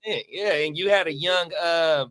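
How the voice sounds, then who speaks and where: A man's voice: fairly high pitch, a bit bright, dry recording. A man co-hosting a podcast in casual chat, reacting briefly and searching for words as he recalls things. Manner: short eager reactions and halting recollection. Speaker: podcast co-host.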